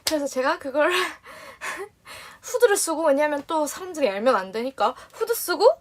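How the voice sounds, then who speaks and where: A young woman chats to her fans on a livestream in a high, bright voice. She races through an anecdote, giggling, restarting and acting out what others said. It feels loose and unscripted. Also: very fast. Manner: animated and giggly, rambling with restarts; acts out other people's lines in quotes. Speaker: livestream host. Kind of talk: casual storytelling to fans.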